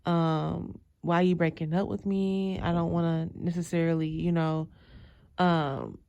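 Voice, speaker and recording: Storytelling woman, lowish voice, lively, acts out her lines, dry close mic. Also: measured pace, vocal fry, no echo, lo-fi sound. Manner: animated, acts out her own lines, laughs often. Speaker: host telling a dream. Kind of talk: casual storytelling.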